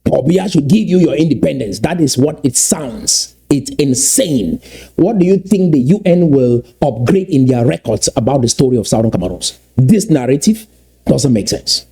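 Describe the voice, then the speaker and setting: A man giving impassioned political commentary, emphatic and repeating key points slowly for weight. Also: medium pitch, lively intonation, gravelly, warm tone, husky.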